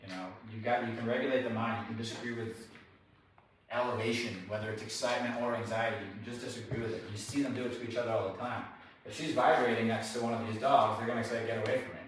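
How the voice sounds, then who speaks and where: A man's voice: mid-range voice, quick pace. Man dog trainer in a very echoey room. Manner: relaxed, explanatory, conversational. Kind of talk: hands-on training demonstration. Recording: very echoey room, distant mic, faint noise.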